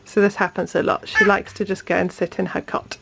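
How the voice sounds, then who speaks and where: A woman's voice: mid-range voice, little pitch movement, a little fast, creaky, very noisy. A young mother filming a casual home vlog, chatting to camera and coaxing her toddler in a sing-song voice. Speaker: vlogger and mum.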